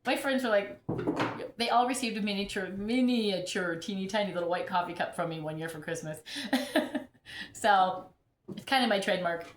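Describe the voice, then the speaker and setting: A woman's voice: medium pitch, normal speed, roomy sound, slight background noise. A middle-aged woman chatting casually about her houseplants at home, rambling and laughing often while getting over an illness. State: recovering from illness. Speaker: houseplant vlogger. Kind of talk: casual chat. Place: home full of plants.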